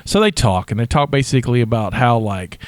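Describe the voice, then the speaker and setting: A man's voice: mid-range voice, expressive, brisk, no echo. A man co-hosting a casual podcast, recapping an episode with jokes and the odd silly voice. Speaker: podcast co-host.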